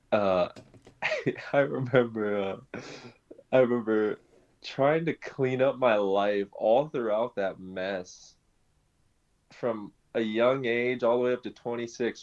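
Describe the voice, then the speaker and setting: A young man telling his conversion story in casual conversation, animated, laughing often and restarting his sentences. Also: fairly low pitch. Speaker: guest sharing his conversion testimony. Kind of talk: conversational personal testimony. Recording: dull lo-fi sound.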